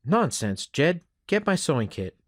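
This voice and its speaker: A woman's voice: sits low, big pitch swings, unhurried, no echo, studio quality, voice pushed up, exaggerated voice. A man voicing a kindly frontier mother who is firm but caring with her young son. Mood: motherly. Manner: gently scolding, motherly.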